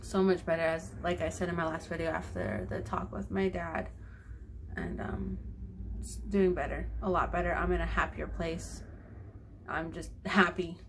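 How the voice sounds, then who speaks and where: A woman's voice: lowish voice, animated, moderate pace, creaky, a little hiss or hum. A young woman talking in a personal video diary, emotional and grateful, rambling with fillers. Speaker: vlogger.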